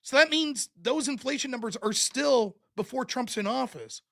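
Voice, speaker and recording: A man's voice: very high-pitched, moderate pace, creaky, pushed and bright. A man hosting a show, delivering a blunt, profane, sarcastic political commentary rant. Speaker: show host.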